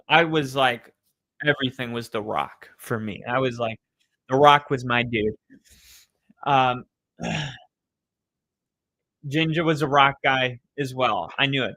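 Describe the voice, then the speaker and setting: Slow, bright-voiced male streamer. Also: mid-range voice, no echo. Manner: rambling, swears, reads chat aloud. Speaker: live streamer. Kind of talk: casual chat with viewers.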